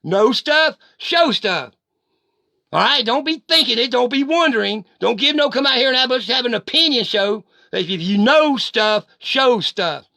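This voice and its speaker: Middle-aged man, high bright voice, close and dry, cursing through a heated rant. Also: animated, moderate pace, vocal fry, dry recording. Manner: profane, heated and confrontational. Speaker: vlogger. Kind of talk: angry direct-to-camera rant.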